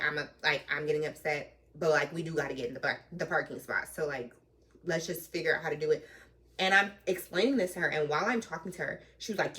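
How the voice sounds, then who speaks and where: A young woman telling a story in a casual, animated way, acting out both sides of an argument and swearing freely. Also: fairly low pitch, distant mic. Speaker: trucking vlogger.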